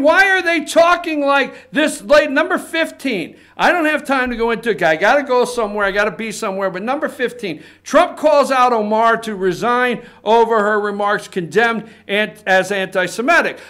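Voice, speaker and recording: A man's voice: extremely high pitch, expressive, moderate pace, hardly any pauses, fairly bright tone. A man hosting a political talk show, giving fired-up, rambling commentary and swearing for emphasis.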